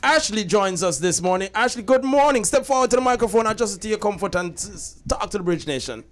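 High-voiced jamaican radio host. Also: male voice, animated, quick pace. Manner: playful, teasing, slips into patois. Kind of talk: lively morning radio banter. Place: radio studio.

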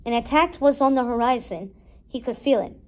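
A woman reading a storybook aloud with steady, expressive narration. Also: fairly high pitch, moderate pace, rough recording. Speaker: storybook reader.

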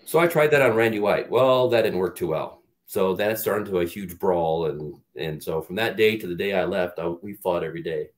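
Deep-voiced middle-aged guy rambling through stories, swears a lot, acts out the quotes. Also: brisk, hardly any pauses. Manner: animated storyteller, acts out quotes in a louder, higher voice; profane, rambling with restarts. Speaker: guest, actor and former football player. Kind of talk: storytelling in an interview.

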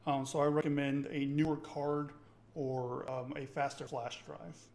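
A man's voice: fairly high pitch, flat delivery, measured pace, gravelly, darkish tone. A man hosting a casual live-streamed tech tutorial, chatty and enthusiastic, thinking aloud and often checking in with his chat.

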